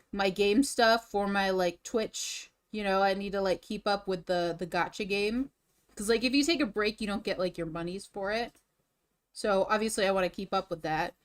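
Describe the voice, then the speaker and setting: A young woman live-streaming, chatting casually and rambling, out of breath after eating. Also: medium pitch. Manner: rambling, restarts sentences, chatty.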